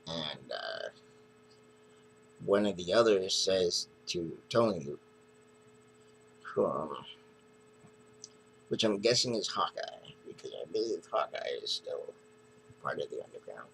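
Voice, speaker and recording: A man's voice: deep voice, expressive, slow pace, creaky, pauses often, a bit bright, slight background noise, low-quality recording. A man casually reviewing a comic book, retelling the story in a rambling, hesitant way.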